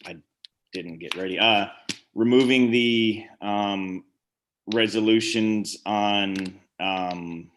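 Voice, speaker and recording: A man testifying to a committee over a video call, hurried and hesitant with many fillers. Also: fairly low pitch, a bit bright, a little hiss or hum. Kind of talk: public testimony.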